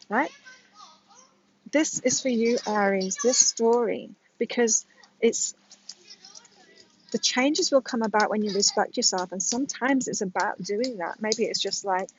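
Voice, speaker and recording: A woman's voice: mid-range voice, normal speed, dull audio. A woman in her late forties telling a personal story to her viewers in a candid, casual way, often checking in with "right?", as an astrology reader. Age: 40s. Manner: candid, frank, addresses viewers directly with "right?".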